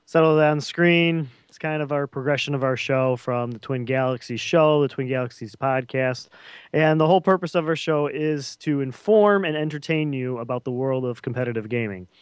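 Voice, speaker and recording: A man's voice: a little high, clear, resonant tone, dry recording. Rambling man hosting a gaming podcast. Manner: loose, rambling intros with fillers. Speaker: podcast host. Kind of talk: casual podcast chat.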